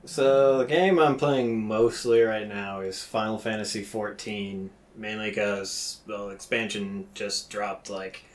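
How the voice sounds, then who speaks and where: A man's voice: on the low side, fairly even intonation, slow pace, few pauses. A man guesting on a podcast, talking in a laid-back way that often trails off. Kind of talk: casual chat.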